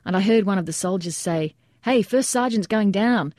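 A woman's voice: medium pitch, moderate pace, a little mellow, no echo, clean studio sound, natural voice. A blunt wounded army first sergeant, read by a woman. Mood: matter-of-fact. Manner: plain-spoken, matter-of-fact retelling.

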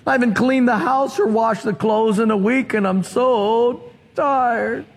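A man's voice: extremely high pitch, unhurried, exaggerated voice. Een uitgeputte, klagende moeder, gespeeld door een man, hoge stem, in een galmende zaal opgenomen. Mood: weary. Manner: weary, complaining. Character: exhausted mother with sick kids, woman. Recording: long hall reverb.

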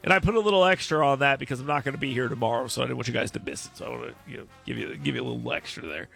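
Animated joking man hosting a show. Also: medium pitch, rapid-fire, creaky, soft background music. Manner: animated, joking, often laughing. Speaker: show host. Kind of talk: casual comedic chat.

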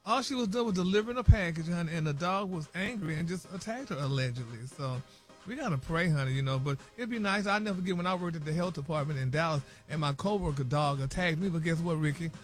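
High-voiced man dishing radio gossip. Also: animated, fast, faint music behind. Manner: sprinkles "y'all" and "honey" everywhere, dramatic. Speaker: celebrity news reporter on a morning radio show. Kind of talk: morning radio gossip report. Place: radio studio.

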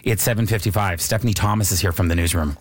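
Easygoing radio host, low male voice. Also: fast, no echo. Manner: easygoing, friendly prompting. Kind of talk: casual radio chat.

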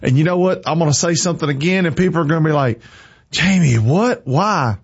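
A man's voice: a little high, very fast, husky, dry recording. A man giving an emotional, preachy faith talk on a livestream, with a slightly dull lo-fi sound.

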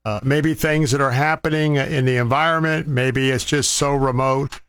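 A man's voice: mid-range voice, steady tone, moderate pace, a bit bright, clear, resonant tone, no room sound. A man hosting a faith talk show, making a heartfelt, rambling fundraising appeal with many restarts.

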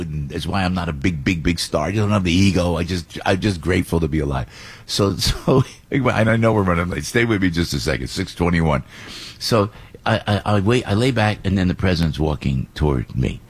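A middle-aged man hosts a talk radio show, his husky voice jumping around as he tells a rambling story. His sound is dry and close, with no room around it. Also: sits low, no room sound. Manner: excitable, rambling, acts out other voices. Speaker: radio host.

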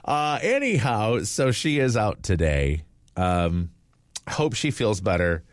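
A man's voice: lowish voice, sing-song, takes it slowly, no echo, studio quality. A man hosting a casual morning radio show, rambling with fillers and restarts. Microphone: studio microphone.

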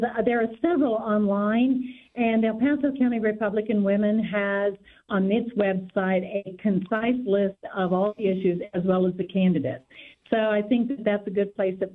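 A woman guest on a radio interview, speaking steadily and laying out volunteer details one after another. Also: mid-range voice. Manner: steady, informative, lists details. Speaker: guest, local party volunteer organizer. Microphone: telephone. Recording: tinny phone line.

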